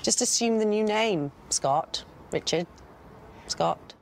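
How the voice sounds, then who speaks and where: A woman's voice: medium pitch, lively intonation, takes it slowly, gravelly, a little hiss or hum. A woman telling a chatty, self-deprecating anecdote in casual talk.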